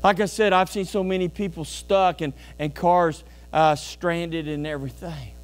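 A pastor preaching a folksy, animated sermon, asking the congregation questions and telling homey stories. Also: male voice, fairly high pitch, moderate pace. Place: church sanctuary.

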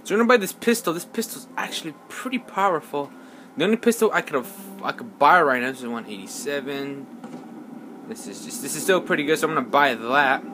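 A man's voice: fairly high pitch, animated, brisk, sharp tone, slight background noise. A man giving casual let's play commentary while he plays, rambling and mocking himself, sometimes mumbling words over and over under his breath. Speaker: gamer.

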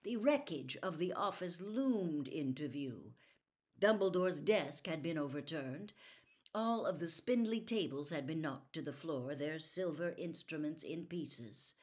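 Expressive woman reading a storybook. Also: low voice, unhurried. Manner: expressive, soft-spoken character reading. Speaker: audiobook reader.

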